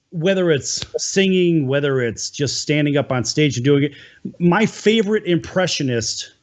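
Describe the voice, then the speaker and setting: A man hosting a sports talk show, introducing his guest with enthusiastic, promotional patter. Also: fairly high pitch. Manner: enthusiastic, promotional, quick asides. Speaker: host. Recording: slightly dull lo-fi sound.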